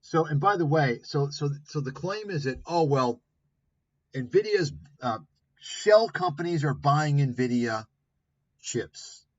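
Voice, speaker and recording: A man's voice: on the high side, lively intonation, slow. Profane, combative man ranting. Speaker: commentary livestream host. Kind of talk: ranting commentary on clips. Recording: dull lo-fi stream audio.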